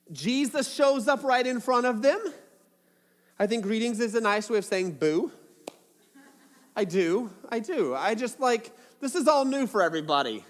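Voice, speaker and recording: A man preaching a sermon as a pastor, casual and playful, acting out little asides as he tells the story. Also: extremely high pitch. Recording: long hall reverb.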